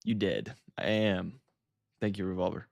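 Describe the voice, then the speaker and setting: A man's voice: low voice, sing-song, unhurried, vocal fry, a little mellow, no room sound. A young man from the United States, chatting casually while streaming a game, laid-back and swearing freely. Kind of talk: casual livestream chat while gaming.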